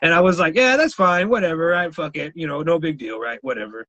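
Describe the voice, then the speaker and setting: A man's voice: on the high side, brisk, highs cut off, a little hiss or hum. A man co-hosting a podcast, telling wild stories in casual chat, swearing and laughing often. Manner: animated storyteller, swears a lot, laughs often. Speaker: podcast co-host.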